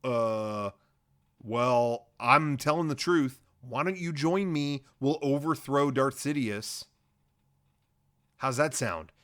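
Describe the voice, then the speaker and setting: A man's voice: medium pitch, takes it slowly, fairly bright tone. A man doing a smug, slangy old villain count. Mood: offhand. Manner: casual, slangy, mocking. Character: smug male villain count, older, mocking.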